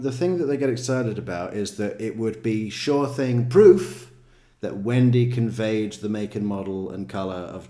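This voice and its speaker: Man, lowish voice, true crime rant, sweary, sarcastic, exasperated, mocking. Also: warm tone. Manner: swears constantly, sarcastic and exasperated, mocks others in put-on voices. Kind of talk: profane ranting commentary.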